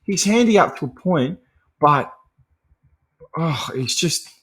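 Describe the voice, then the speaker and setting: A man's voice: a little high, lively intonation, takes it slowly, fairly bright tone. A man hosting a podcast, casually recapping a film in a profane, laughing, rambling monologue. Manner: chatty and profane, laughing often; digressive, full of fillers and restarts. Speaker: podcast host.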